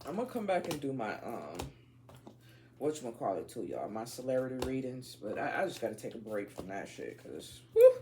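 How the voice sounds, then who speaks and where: A tarot reader, a woman, talks to her viewers in blunt, profane slang. Her voice has a gravelly fry and swoops widely up and down in pitch as she goes off on tangents. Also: a little mellow, a little hiss or hum. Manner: talks straight to viewers as y'all. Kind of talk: casual tarot reading chat.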